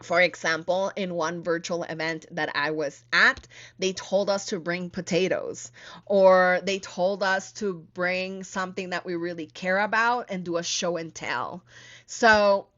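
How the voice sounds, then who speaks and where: Woman host, bright voice, unhurried, slightly dull lo-fi recording, emphatic teaching monologue. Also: on the low side. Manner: animated and emphatic, with playful asides. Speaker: podcast host and event coach.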